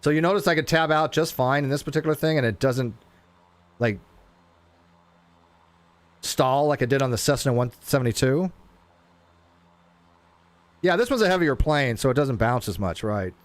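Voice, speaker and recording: A man streaming a flight simulator, talking casually and rambling as he flies, often stumbling over his words and getting excited. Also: mid-range voice, normal speed, pauses often, no room sound. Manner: rambling, self-interrupting, excitable. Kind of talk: casual live gameplay commentary.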